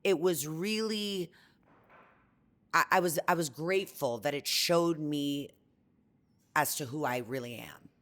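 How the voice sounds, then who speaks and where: Middle-aged woman, pretty low voice, chatty and emphatic, keeps saying right?. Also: unhurried, pauses often, fairly bright tone. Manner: emphatic, tags statements with "right?". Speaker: guest, reality TV personality. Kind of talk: candid interview talk.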